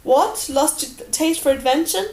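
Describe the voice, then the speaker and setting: A woman's voice: high voice, normal speed, a little mellow. A woman reading an audiobook, voicing a sardonic male dwarf nobleman with wry, dry quips. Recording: roomy echo.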